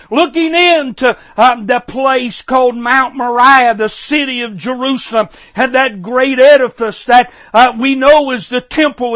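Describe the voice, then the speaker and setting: A man preaching a sermon with fervor, sometimes stumbling and restarting, then building to shouted emphasis. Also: very high voice, no room sound. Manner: halting restarts while he gathers thoughts. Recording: dull lo-fi recording.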